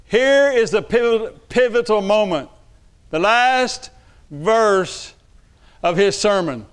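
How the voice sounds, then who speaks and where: A pastor preaching a lively sermon to his church, dropping to quiet asides and then calling out loud. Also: high voice, slow pace, clean tone. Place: church sanctuary.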